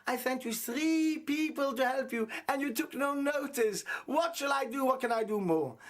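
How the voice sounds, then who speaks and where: A man voicing a stern, reproachful holy rebbe in a parable, speaking slowly in a lifted pitch.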